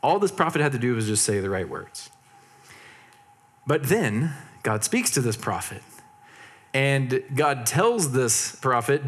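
A man giving a sermon, his voice sitting in an ordinary middle pitch. He tells the story in a relaxed, conversational way, dropping in humorous asides and slang as he goes. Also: a little slow, long pauses. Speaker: preacher.

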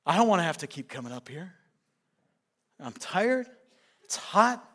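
A man's voice: sits high, very animated, unhurried, fairly bright tone, full character voice. A man preaching a sermon voices a tired, outcast Samaritan woman who pleads and then speaks earnestly. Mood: weary pleading.

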